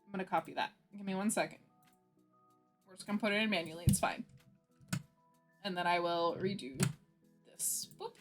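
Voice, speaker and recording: A woman's voice: lowish voice, steady tone, moderate pace, long pauses. A woman hosting a livestream, chatting casually with her viewers and laughing often between lines. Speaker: livestream host. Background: faint background music.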